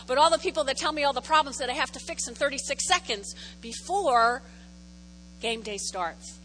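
A woman's voice: sits high, expressive, moderate pace, sharp tone, a little hiss or hum, low-quality recording. A middle-aged woman pastor preaching a conversational sermon in a church, telling stories animatedly and repeating phrases for effect. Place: church sanctuary.

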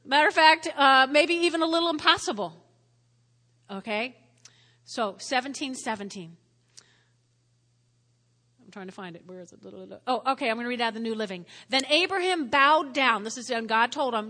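A woman preaching a sermon to a congregation, lively, acting out the voices of biblical figures. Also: high-pitched, normal speed, pauses often. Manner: animated, acts out voices of biblical figures with laughs. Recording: long hall reverb.

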